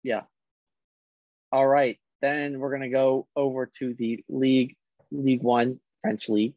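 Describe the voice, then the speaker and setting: A man co-hosting a casual sports podcast, running through league standings in a halting way with fillers. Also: medium pitch, level tone, no echo. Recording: dull lo-fi dry sound.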